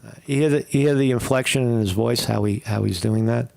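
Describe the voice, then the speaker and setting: A man hosts a casual political commentary stream, rambling and blunt with his opinions and swearing frequently. His voice is mid-range, brisk, gravelly and darkish in tone.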